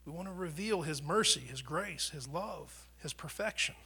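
An American pastor delivers a conversational sermon, swinging from loud proclamations down to near whispers and often repeating or restarting words. His male voice is fairly high, animated, creaky and husky, at a moderate pace.

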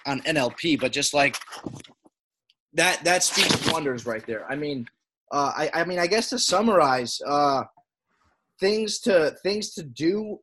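A man co-hosting a podcast, talking in a halting way with frequent "uh" and "I mean". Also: a little high. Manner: halting, with many "uh" and "I mean" restarts. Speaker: podcast co-host. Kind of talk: casual podcast chat.

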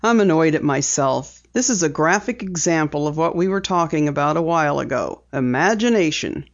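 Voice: medium pitch, lively intonation, moderate pace, natural voice. A reader voicing a middle-aged newspaper editor and father in a storybook reading, speaking sternly and a little irritably. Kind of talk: audiobook character reading. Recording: dull lo-fi recording.

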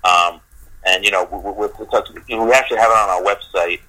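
A man being interviewed as a guest, talking earnestly with many pauses and fillers. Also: lowish voice, steady tone, pushed and bright. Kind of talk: casual interview chat. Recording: phone line on radio.

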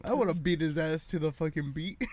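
A man with a slightly higher voice than most, telling a story with lots of swearing. He acts out each person's lines as he goes, in a loose, casual chat. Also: a little fast. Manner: profane animated storytelling.

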